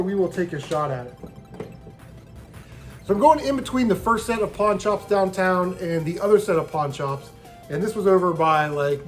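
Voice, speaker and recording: A man casually telling stories from his video game hunting trip, swearing freely and mimicking the people he bargained with. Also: high voice. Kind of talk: casual storytelling vlog.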